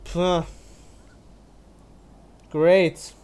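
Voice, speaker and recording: Young guy with a high voice raging and cursing at his teammates while he plays, faint hum behind. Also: level tone, very slow, a little mellow. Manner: angry ranting, heavy swearing. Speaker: gamer commenting on his own match. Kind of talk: gameplay commentary.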